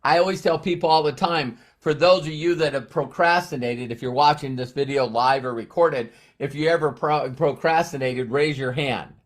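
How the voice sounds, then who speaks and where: A man with a fairly high voice gives a motivational talk on a live stream. He rambles, repeats words and restarts his sentences often. He is running on very little sleep. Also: normal speed, hardly any pauses. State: short on sleep. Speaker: motivational speaker.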